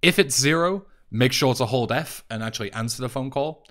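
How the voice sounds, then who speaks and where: A young man with an English accent, talking through a speedrun tutorial voice-over in a relaxed, chatty way, with plenty of fillers and restarts. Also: mid-range voice, a little fast. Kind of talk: casual game tutorial voice-over.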